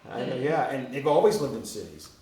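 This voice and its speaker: A man's voice: medium pitch, brisk, a little hiss or hum. Rambling man telling a story, far off. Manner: rambling, animated, laughs often. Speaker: retreat guest telling his story. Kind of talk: casual storytelling to a group. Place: home on a mountain top. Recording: roomy sound from far off.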